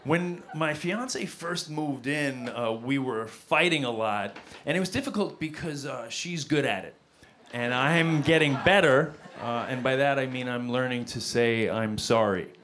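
A man's voice: medium pitch, a little slow. A man, performing a self-deprecating stand-up set on a comedy club stage with a handheld mic. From Queens, New York. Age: 40s. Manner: wry, self-deprecating, deadpan delivery. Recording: live club recording with audible crowd noise. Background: audience laughter and club noise.

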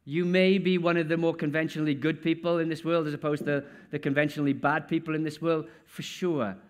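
A man's voice: fairly high pitch, flat delivery, brisk, clear, resonant tone. A man preaching a sermon in a church in a conversational way, often putting questions straight to his listeners.

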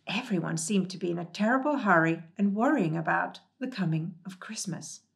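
Woman gently reading a storybook. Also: lowish voice, animated, normal speed, gravelly.

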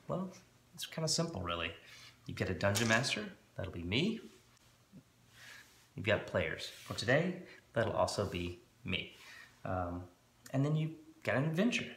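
A man and host, explaining a tabletop game in a relaxed, rambling way with many fillers. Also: lowish voice, moderate pace, reverberant, slight background noise. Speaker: dungeon master and channel host. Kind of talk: casual tutorial explanation. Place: room at home with a board.

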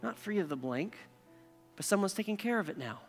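A man's voice: high voice, lively intonation, brisk, in a large hall, soft background music. A male pastor preaching a sermon in a conversational way, checking in with "okay?" and "right?" as he goes.

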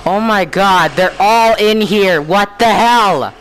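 A young man talking through a horror game in panic, repeating himself and swinging between yelps and low mutters. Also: slow pace, fairly bright tone, slight background noise. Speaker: gamer playing a horror game. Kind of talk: scared gameplay commentary. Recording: game music playing behind.

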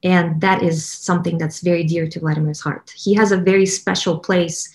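A woman's voice: on the low side, little pitch movement, normal speed, darkish tone. A woman with a Russian accent talking casually as a choir director, with many fillers and restarts. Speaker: choir director promoting a training program. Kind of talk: casual promotional talk.

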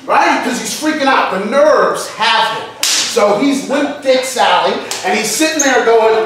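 A man's voice: very high voice, expressive, a little slow, hardly any pauses, fairly bright tone, slight background noise. A man, an acting teacher, telling a profane story in a casual way to a class, acting out his friends' voices. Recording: echoey room, far from the mic.

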